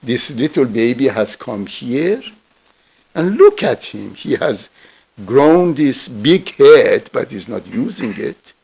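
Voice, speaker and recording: A man voicing a small male creature in a parable who argues earnestly and insistently, in a husky voice. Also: medium pitch, big pitch swings, slow pace, a little mellow, full character voice. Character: puzzled tiny womb-dweller, male, reasoning.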